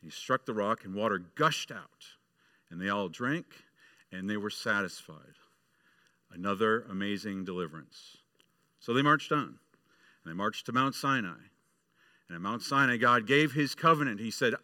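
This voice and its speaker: A man's voice: mid-range voice, expressive, measured pace, pushed and bright, no room sound, clean studio sound. A male pastor preaching a sermon, telling a story and acting out its voices.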